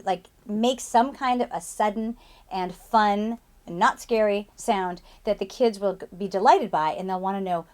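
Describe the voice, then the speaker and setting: Lively, animated woman teaching a class method. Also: mid-range voice, normal speed. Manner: animated, sing-song, dramatic sound effects for children. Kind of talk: instructional demo with playful sound effects.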